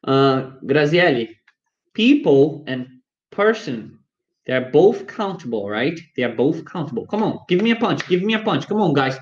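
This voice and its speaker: A man's voice: fairly high pitch, very animated, moderate pace. Man teaching English on a stream. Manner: coaxing, upbeat, talks straight to viewers. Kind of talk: live-streamed English lesson. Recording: dull lo-fi stream audio.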